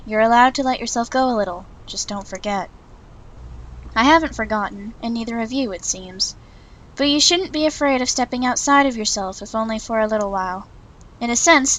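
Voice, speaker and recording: A woman voicing a stern young male mentor in a visual novel, reading his lines in a measured, slightly lowered voice. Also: a bit bright, close to an everyday voice. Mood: coaxing.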